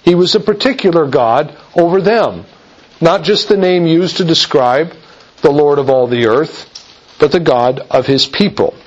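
Earnest male preacher, lively pitch. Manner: earnest, measured expository preaching with slowed emphatic quotes. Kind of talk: sermon. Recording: dull lo-fi recording.

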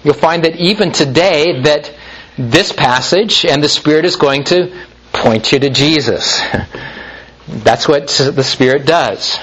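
A man preaching a sermon, reading scripture with slow, deliberate emphasis and frequent pauses. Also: on the high side, fairly bright tone, low-quality recording. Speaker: pastor.

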